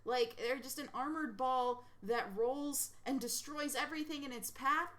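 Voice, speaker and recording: A woman streamer chatting casually while reacting to videos, giggly and excitable, rambling from thought to thought. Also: sits high, measured pace.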